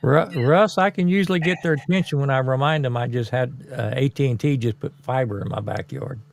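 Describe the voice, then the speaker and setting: Gravelly plainspoken man hosting a podcast. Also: mid-range voice, a little fast. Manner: plainspoken, blunt opinions. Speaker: podcast host. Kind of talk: casual podcast chat.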